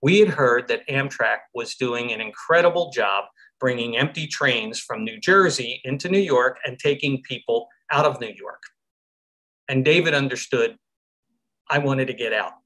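A middle-aged man from Philadelphia, a survivor giving an earnest, reflective talk over a live stream, with soft laughs now and then. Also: mid-range voice, moderate pace. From Philadelphia, USA. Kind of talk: personal storytelling talk. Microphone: video call from home.

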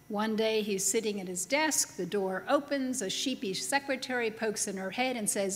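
A woman preaching a sermon in a chapel, telling a story with humor in a slow, deliberate way. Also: mid-range voice. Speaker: pastor. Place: large chapel. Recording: long reverb of a chapel hall.

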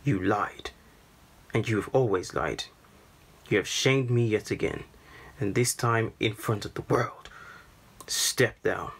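A man voicing a stern, sorrowful older father in a storybook reading, speaking in a grave, measured way with a husky voice. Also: lowish voice, fairly bright tone, exaggerated voice.

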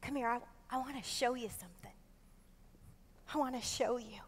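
Brief: woman doing a hushed, tender fatherly God, gentle and proud, voice sitting high. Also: moderate pace, long reverb tail, natural voice. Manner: hushed, intimate, proudly showing off.

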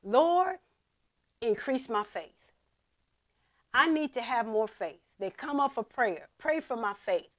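A woman pastor preaching a sermon, reading scripture with dramatic emphasis and dropping to a hush for asides. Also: a little high, lively intonation, takes it slowly, long pauses. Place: church.

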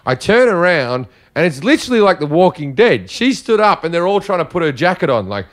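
Profane storytelling man, higher voice. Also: brisk. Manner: profane, animated, acts out voices. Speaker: comedian guest. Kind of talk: casual storytelling chat.

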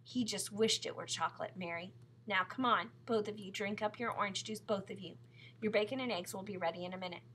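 A woman voicing a patient mother in a children's storybook, gently scolding and reassuring. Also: medium pitch, fairly quick, slight background noise, close to an everyday voice. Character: caring adult mother, patient.

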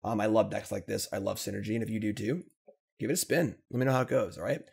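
Low, gravelly male host for casual card game commentary, slightly husky, theatrical in his gloom. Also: fast talker, darkish tone. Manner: mock-dramatic self-pity, then upbeat wrap-up. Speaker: Magic gameplay video host.

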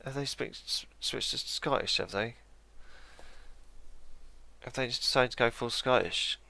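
A man's voice: medium pitch, unhurried, creaky, sharp tone. A man musing aloud while playing a strategy game, correcting himself and adding dry asides. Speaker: let's play gamer. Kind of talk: casual game commentary.

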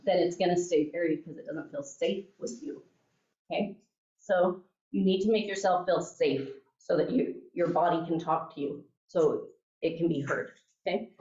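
Woman instructor, lowish voice, chatty, keeps asking "okay?", recorded from a distance with a dull sound. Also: moderate pace, dark tone. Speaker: class instructor. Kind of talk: teaching a class, telling a story. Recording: echoey room, mic at a distance, dull sound.

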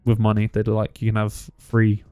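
A man co-hosting a podcast, relaxed and wisecracking in casual chat. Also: lowish voice, moderate pace, clean tone, dry recording, studio quality, faint music behind. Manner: relaxed, wisecracking, laughs often. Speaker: podcast co-host.

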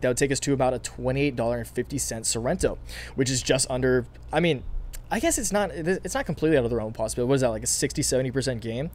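A man runs his own stock market channel and talks to viewers casually and eagerly. His throat is scratchy, his voice medium-pitched with a darkish tone. He speaks fast and enthusiastically, with lots of fillers and many restarts.

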